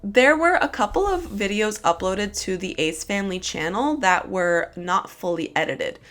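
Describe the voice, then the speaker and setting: A woman's voice: mid-range voice, lively intonation, moderate pace, fairly bright tone. Woman commentator, casual and sassy, curses freely, leans hard on dramatic emphasis. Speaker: commentary YouTuber.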